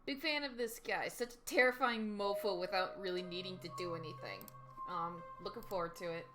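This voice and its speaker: A woman's voice: fairly low pitch, brisk, music in the background. A woman streaming a game live, chatting with viewers and reading the story text aloud in a chatty, giggly way.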